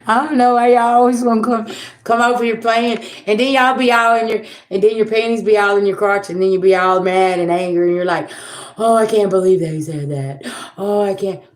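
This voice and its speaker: A woman's voice: fairly high pitch, flat delivery, brisk, reverberant. A woman, hosting a casual tarot livestream and talking bluntly to viewers, swearing freely and with sass. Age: 40s. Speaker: tarot reader and livestream host.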